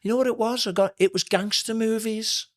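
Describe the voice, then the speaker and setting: A man's voice: high-pitched, brisk. Middle-aged Liverpool man, podcast guest, chatty storyteller who slips into put-on voices. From Liverpool, England. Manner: animated anecdotes with put-on voices and laughs. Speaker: podcast guest, swing singer. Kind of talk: casual storytelling chat.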